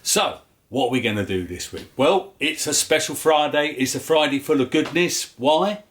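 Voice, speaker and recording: A man's voice: fairly high pitch, lively intonation, normal speed, fairly bright tone. Chatty London man hosting a home cooking vlog. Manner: chatty and jokey, with filler words. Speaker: cooking show host.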